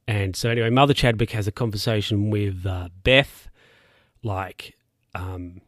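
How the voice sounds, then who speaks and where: A man's voice: on the low side, a little slow, no room sound, clean studio sound. A young man casually recapping a TV episode, rambling with lots of fillers and asides. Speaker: show recapper.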